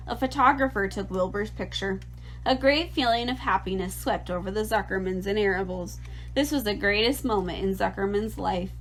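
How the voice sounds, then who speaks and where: A woman teacher reads a children's novel aloud to her class. Her voice sits at an ordinary middle pitch. She gives the story an expressive, lively read-aloud delivery. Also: low-quality recording. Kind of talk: reading a children's book aloud.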